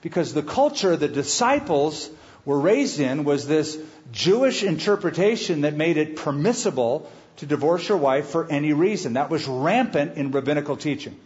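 A man's voice: fairly high pitch, expressive, darkish tone. Lo-fi recorded male pastor preaching. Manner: expository preaching, reads scripture slowly and emphatically; conversational asides to the congregation. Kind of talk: sermon.

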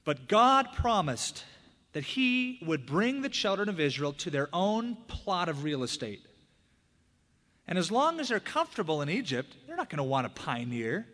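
A male pastor preaching a conversational sermon, with big swings between loud emphatic peaks and hushed, low asides. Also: very animated, moderate pace. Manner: conversational preaching, acting out quoted prayers and dialogue. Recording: hall reverb.

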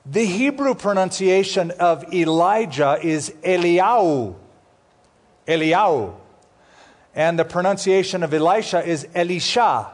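A man teaching a Bible sermon as pastor, conversational with jokey asides, slowing down to spell out names. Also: sits high.

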